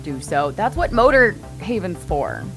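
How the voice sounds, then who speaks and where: A woman playing a tabletop game, talking in an animated, rambling way. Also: fairly low pitch, over music. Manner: animated, rambling, quick to laugh. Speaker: player. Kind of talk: casual tabletop play.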